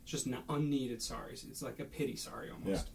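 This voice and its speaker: A young man co-hosting a casual podcast at a middle pitch. He tells rambling, chatty stories and keeps restarting his sentences as he goes. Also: brisk, vocal fry, a little mellow, a little hiss or hum. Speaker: podcast co-host. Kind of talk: casual chat.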